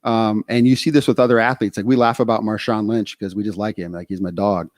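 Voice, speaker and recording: A man from Texas co-hosting a podcast, talking casually in animated stretches, full of fillers and restarts. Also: lowish voice, quick pace, no room sound, studio quality. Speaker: podcast co-host.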